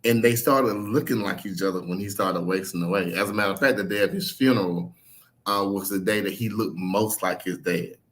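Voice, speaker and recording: A middle-aged man being interviewed as an author speaks a little fast, his pitch fairly low. He tells candid stories about his own life, acts out what other people said, swears easily and laughs.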